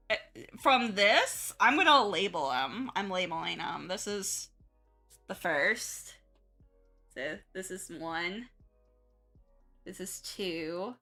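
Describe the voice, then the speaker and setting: A young woman with a Midwest-Southern American accent chats unhurriedly while she draws. Her voice is bright and forward, and she rambles and restarts her sentences. Soft music plays faintly behind her. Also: mid-range voice. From southern United States. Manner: rambling, self-correcting, chatty. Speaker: art streamer. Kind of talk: casual chat while drawing.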